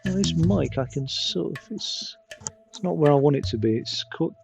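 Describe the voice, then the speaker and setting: Gravelly streamer chatting. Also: male voice, on the high side, lively intonation, normal speed, muffled recording, faint music behind. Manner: chatty and self-mocking, laughs at himself. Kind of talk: casual live-stream commentary.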